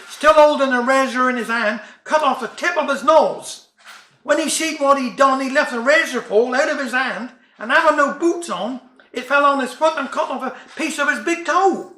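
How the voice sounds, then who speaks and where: High-voiced man telling jokes. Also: sharp tone, reverberant. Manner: broad dialect, wry delivery. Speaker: storyteller. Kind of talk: reciting comic verse and jokes.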